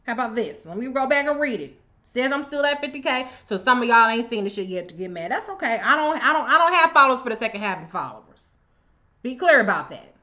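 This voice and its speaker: A woman's voice: on the high side, big pitch swings, fast, pushed and bright, dull audio. An American woman hosting a livestream, delivering heated political commentary in a profane, confrontational, emphatic way and talking straight at her commenters. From United States. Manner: addresses commenters directly. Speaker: livestream host.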